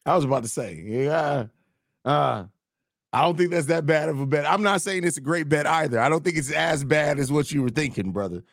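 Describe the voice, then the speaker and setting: A man's voice: fairly high pitch, animated, fairly quick, gravelly, dry recording, studio quality. A man co-hosting a sports podcast, easygoing and casual, often calling his partner bro. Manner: easygoing, says bro, laughs along. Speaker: podcast co-host.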